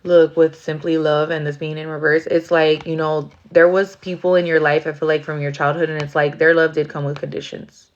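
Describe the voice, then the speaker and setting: Low-voiced woman rambling through a tarot reading. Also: little pitch movement, brisk, few pauses, lo-fi sound. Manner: rambling, heavy on fillers, swears freely. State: near tears at times. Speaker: tarot reader. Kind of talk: casual tarot reading monologue.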